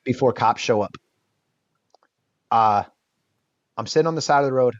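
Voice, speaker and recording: Male interview guest, casual lively storyteller, mid-pitched voice, muffled dry recording. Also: normal speed, no echo. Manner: lively storyteller acting out what others said. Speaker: podcast guest. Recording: dull lo-fi dry sound.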